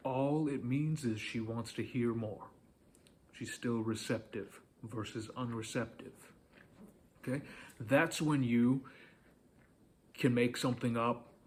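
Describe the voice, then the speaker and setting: A man's voice: mid-range voice, slow pace, pauses often, a little mellow. A man giving dating advice in a casual, direct monologue, coaching the listener and often checking in with "okay?".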